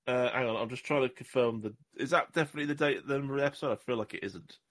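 A man's voice: medium pitch, quick pace, a bit bright. A man hosting a casual podcast, joking at his own expense and rambling between topics. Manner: jokey, self-deprecating, rambling. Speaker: podcast host.

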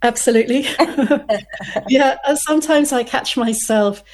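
A woman's voice: high voice, normal speed. Chatty woman novelist, laughing often. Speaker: crime novelist guest. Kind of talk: casual interview chat.

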